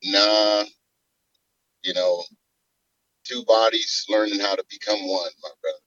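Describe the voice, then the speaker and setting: A man calls in to a talk show and talks in a halting way, restarting his sentences. His voice sounds bright and forceful and rather low. It comes over dry and a little muffled. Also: fairly even intonation, no room sound. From South Carolina. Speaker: caller. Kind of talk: casual call-in talk.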